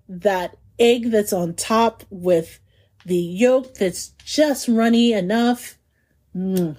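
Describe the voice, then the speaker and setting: A woman hosting a food podcast chats casually and enthusiastically in a warm, mid-range voice. She laughs often as she savors her descriptions.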